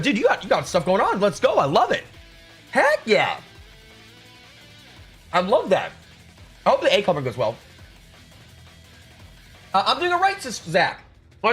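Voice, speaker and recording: A man's voice: high-pitched, fairly bright tone, breathy edge. A man chatting casually with his live stream chat, reading out and answering messages. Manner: chatty, reads chat aloud, upbeat. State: chewing food at times. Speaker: livestreamer.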